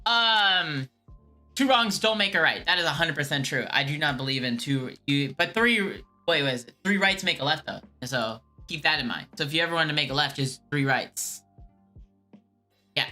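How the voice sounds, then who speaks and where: A woman's voice: low-pitched, expressive, normal speed, pushed and bright, soft background music. A woman streamer casually rambling through chat questions in a laid-back way, a voice she calls whiny. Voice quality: calls her own voice whiny.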